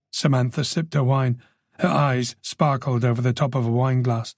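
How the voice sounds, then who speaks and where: A man narrating a mystery audiobook in a measured, even storytelling manner. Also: medium pitch, no room sound, studio quality. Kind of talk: scripted narration.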